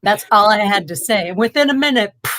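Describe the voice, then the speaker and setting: A woman's voice: mid-range voice, expressive, fast talker, a bit bright. A woman who edits a magazine, telling stories in a chatty, amused way on a casual chat show. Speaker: magazine editor-in-chief.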